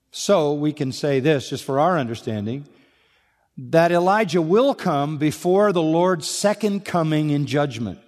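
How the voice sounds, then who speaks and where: A man preaching an expository sermon, emphatic and repetitive, firing off rhetorical questions to his listeners. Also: on the high side. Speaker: pastor. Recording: long hall reverb.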